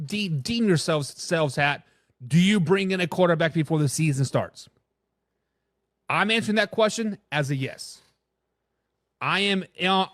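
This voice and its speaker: A high-voiced man hosts a live sports talk stream, recorded cleanly in a studio with no room sound. He offers blunt opinions and responds to viewers in chat, stumbling and repeating words when he gets excited.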